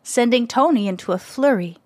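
A woman narrating a children's story in a gentle, expressive way, close to the mic. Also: fairly high pitch, a little fast, no room sound.

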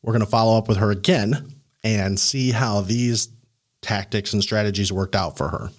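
Animated man coaching in casual talk. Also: on the low side, moderate pace. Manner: animated, laughing, acts out quoted people. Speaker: podcast host and career coach.

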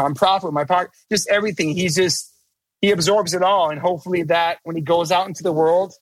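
A man's voice: a little high, no echo. A middle-aged man talking as a podcast guest in casual chat, emphatic, profane and rambling, restarting his sentences.

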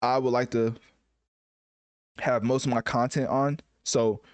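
A man's voice: medium pitch, little pitch movement, unhurried, dry recording. A man giving casual, joking reaction commentary on a music album, self-mocking and full of fillers like "right?" and "you know.".

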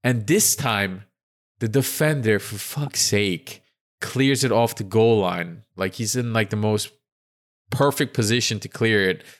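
Low-voiced man retelling match moments. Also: measured pace. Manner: animated play-by-play storytelling. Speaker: podcast co-host. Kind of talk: casual sports podcast chat.

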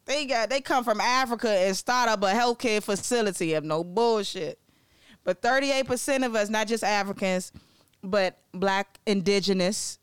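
A young woman from Maryland explains business facts in a loose, excitable vlog manner, cracking jokes, swearing and drifting into side remarks. Her voice sits a little high and is exceptionally smooth and clear. The recording is close and dry, with no room sound. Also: no room sound. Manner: excitable, joking, digressive, swears freely. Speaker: vlogger presenting facts on Black-owned businesses. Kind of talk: casual educational vlog talk.

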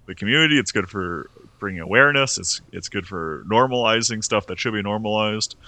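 A young man with a fairly low but bright, forceful voice, chatting casually as a podcast co-host. He rambles and restarts his sentences a lot, recorded dry and close with no room sound. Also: brisk, no echo. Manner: rambling, restarts often, laughs between points. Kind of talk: casual podcast film review chat.

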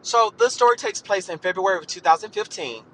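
A man's voice: high voice, a little fast, pushed and bright, slight background noise, poor audio. A man in his thirties hosting a podcast, ranting in a profane, emphatic, sassy way and calling listeners honey. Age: 30s. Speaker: podcast host.

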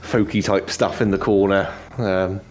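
A man narrating a tabletop game as game master, relaxed and rambling. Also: low-pitched, measured pace. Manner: relaxed, rambling, many fillers.

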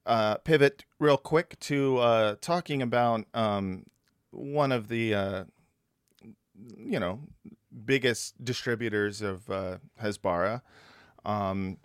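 A male podcast host talks at a slow, unhurried pace. His voice is smooth and clear, and he speaks in a wry, hesitant way full of fillers. The recording is dry and close. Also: medium pitch, expressive, dry recording. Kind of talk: casual chat.

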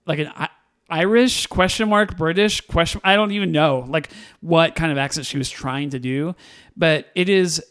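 Chatty man reviewing a movie. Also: on the high side. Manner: animated, laughs often, acts out quotes. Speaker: podcast co-host. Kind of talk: casual movie review chat.

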